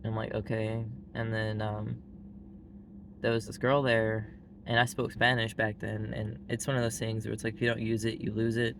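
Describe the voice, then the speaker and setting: Flat-voiced Southern man, blunt and rambly. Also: on the low side, normal speed, creaky, a little hiss or hum. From Arkansas, US. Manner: blunt and frank, heavy use of "like" fillers. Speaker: vlogger. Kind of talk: casual monologue to camera.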